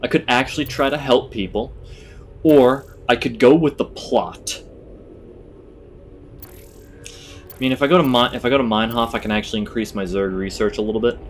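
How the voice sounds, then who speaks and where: A man's voice: mid-range voice, normal speed, long pauses, slight background noise. Chatty man narrating his gameplay. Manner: chatty, thinking aloud. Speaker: gamer. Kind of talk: casual let's-play commentary.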